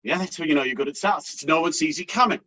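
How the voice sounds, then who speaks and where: A man's voice: on the high side, racing, sharp tone, low-quality recording. A man giving a sales training talk, speaking bluntly and conversationally, with frequent check-ins and the odd swear word.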